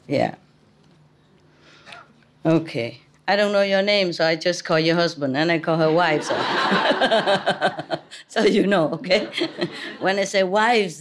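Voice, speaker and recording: A faint hiss or hum sits under this woman's fairly low voice. A spiritual teacher, she talks informally to her listeners, teasing and laughing often, her English phrased like a non-native speaker's.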